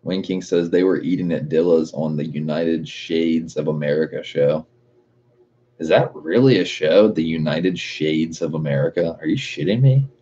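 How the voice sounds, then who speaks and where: Very deep-voiced casual male streamer. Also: normal speed, dark tone, husky, highs cut off. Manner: laid-back, profane, reads chat comments aloud. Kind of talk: casual livestream chat.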